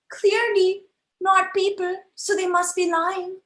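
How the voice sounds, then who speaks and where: A woman's voice: extremely high pitch, little pitch movement, slow pace, a bit bright, reverberant. A woman improvising a comedy scene, defensive and indignant, insisting she is good and loving. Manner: defensive, indignant, talks up her own goodness. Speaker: improv performer.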